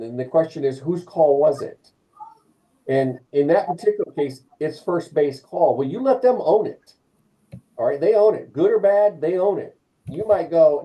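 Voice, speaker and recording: Dark-voiced man teaching umpire mechanics. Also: on the high side, poor audio. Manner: animated, acts out calls and quotes; repeats and restarts phrases. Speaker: umpire clinic instructor. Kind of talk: live online training session.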